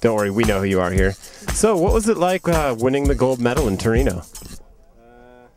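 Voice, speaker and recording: A man's voice: mid-range voice, sing-song, fairly quick, music in the background. A man hosting a comedy segment, playing a bumbling interviewer who keeps getting his guests wrong. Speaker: host. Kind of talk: comic botched interviews.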